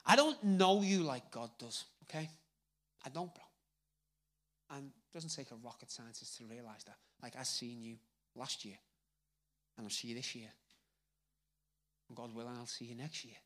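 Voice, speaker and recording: A man with a Liverpool accent preaching a live sermon on a handheld microphone, conversational and swinging between loud emphasis and hushed asides. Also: mid-range voice, moderate pace, pauses often. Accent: Liverpool (Scouse). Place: church hall with congregation.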